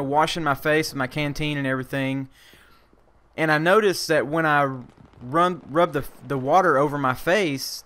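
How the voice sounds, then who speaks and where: A man's voice: mid-range voice, fairly bright tone. A man in a mid-range voice spinning a loose, casual yarn about his army days. He wanders through the telling with lots of fillers and false starts, and drops the odd curse word along the way. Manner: rambling, many fillers and restarts; swears casually. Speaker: army veteran vlogger. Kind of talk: casual storytelling.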